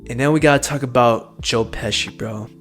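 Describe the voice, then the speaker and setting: A man's voice: mid-range voice, moderate pace, soft background music. A young man hosting a casual film review, enthusiastic and loose, swearing and saying dude a lot.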